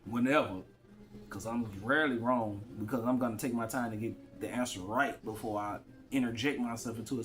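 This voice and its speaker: Rambling man vlogging into his phone. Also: medium pitch. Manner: loose, rambling street slang, repeats himself. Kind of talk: casual rambling monologue to camera.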